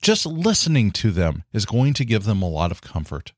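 On his own podcast, a man with a lowish, sing-song voice speaks at a normal speed. The studio sound is clean and echo-free, and his casual solo talk comes across as earnest and encouraging, full of fillers such as "you know."

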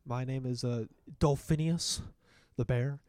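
A man's voice: medium pitch, fairly even intonation, a little slow, a little mellow, no room sound, clean studio sound, natural voice. A man doing a roaring, pampered black bear. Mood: content. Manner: roaring, then relaying the bear's words. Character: chill, well-fed male black bear.

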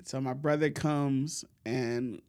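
A man's voice: medium pitch, fairly even intonation, slow pace, a little mellow. Laid-back man swearing through a story. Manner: laid-back, profane, laughs often while telling stories. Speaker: podcast host. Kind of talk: casual storytelling chat.

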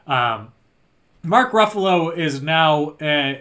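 A man's voice: on the high side, expressive, slow pace, pushed and bright. A man co-hosting a casual chat, recapping a movie plot in a rambling, dry, joking way. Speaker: podcast co-host.

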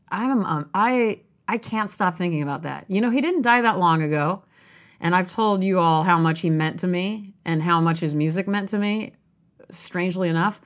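A woman's voice: lowish voice, a bit bright. A woman chatting to her viewers from a hotel room, rambling, candid and affectionate, both tired and a little amped up. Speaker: vlogger talking to her viewers. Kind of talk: casual chat to camera.

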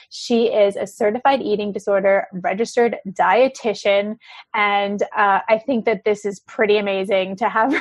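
Middle-aged lady hosting a podcast, chatty and easygoing, bit husky, dead dry mic. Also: mid-range voice, no room sound. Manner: chatty, laughs often. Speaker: podcast host. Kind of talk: casual podcast chat.

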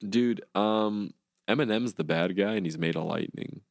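A young man co-hosting a casual podcast chat, excitable and swearing as he retells scenes. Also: fairly low pitch, normal speed, vocal fry, dry recording, clean studio sound. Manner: excitable, swears, acts out scenes in goofy voices. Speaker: podcast co-host. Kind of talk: casual chat about a cartoon series.

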